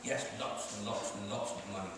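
A man's voice: fairly low pitch, normal speed, over music. A man from Sweden, an author, reading his storybook aloud to children in a library. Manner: clear, expressive storytelling. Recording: echoey hall from far off, noisy.

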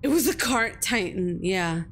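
A woman's voice: mid-range voice, lively intonation, measured pace, fairly bright tone, a little hiss or hum. A young woman streaming a horror game, jumpy, swearing freely and talking back at the game as she plays. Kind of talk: live-streamed gameplay commentary.

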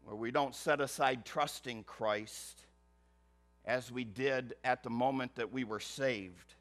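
Slow, forceful male preacher. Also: medium pitch. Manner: emphatic preaching with rhetorical questions. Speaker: pastor. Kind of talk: sermon. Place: church.

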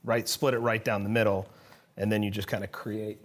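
Low-voiced chatty chef storyteller. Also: male voice, level tone, a little fast. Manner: chatty storyteller, laughs often, frequent restarts. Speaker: chef doing a cooking demo. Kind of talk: casual cooking demo chat.

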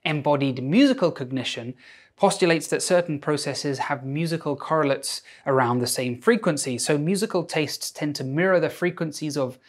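A man's voice: a little high, normal speed. A man, a doctor, narrating a scripted educational video with wry, self-mocking asides.

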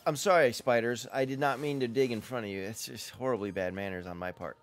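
A gamer chats casually through a let's-play of a survival game, talking to himself and to the characters and yelping whenever something startles him. His mid-range voice moves a little fast, with faint music in the background.

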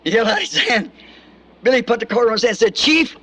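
High-voiced homespun preacher man. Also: animated, brisk, a bit bright, a little hiss or hum, poor audio. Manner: homespun storyteller, chuckles often. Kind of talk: folksy storytelling sermon.

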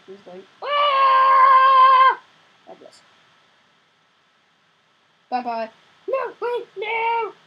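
A young woman giving casual gameplay commentary, excitable, crying out in frustration now and then. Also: high voice, lo-fi sound, very noisy. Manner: excitable, yelps and cries out in frustration. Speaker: gamer.

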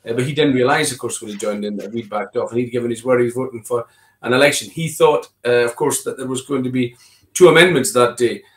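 Middle-aged scottish guy, politician on an interview, rambly, keeps restarting, mid pitch. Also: fast. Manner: discursive, with frequent restarts and repeated words. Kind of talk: conversational political discussion.

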